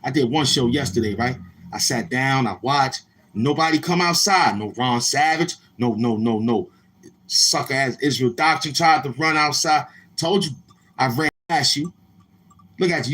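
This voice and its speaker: A man's voice: mid-range voice, normal speed. Loose, streetwise male livestream host. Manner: loose, streetwise, goes from laid-back to loud and animated. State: a little tired. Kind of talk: casual livestream talk. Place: outdoors near a street, car noise heard.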